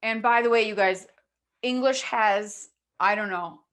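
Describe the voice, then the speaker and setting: A woman's voice: medium pitch, measured pace, fairly bright tone. A woman teaching English pronunciation to a class, explaining patiently step by step and often checking in with her students.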